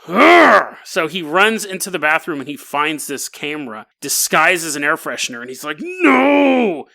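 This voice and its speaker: A man hosting a podcast, telling a story comically in an animated, jokey way and laughing mid-sentence. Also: a little high, moderate pace, vocal fry. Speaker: podcast host. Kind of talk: comedic storytelling.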